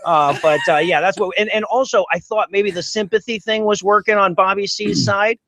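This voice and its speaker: A man as a podcast guest, joking deadpan through comedic chat. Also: high-pitched, moderate pace.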